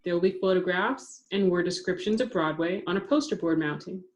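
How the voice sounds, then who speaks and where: A woman voicing a frail, pale schoolgirl in a wheelchair with a small, squeaky voice that she keeps calm and matter-of-fact. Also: a little fast, close to an everyday voice.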